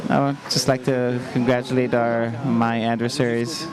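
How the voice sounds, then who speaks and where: A male athlete answers post-race questions with modest, halting short phrases. A lively crowd can be heard clearly around him outdoors. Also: mid-range voice. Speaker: athlete being interviewed. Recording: outdoor event with crowd behind.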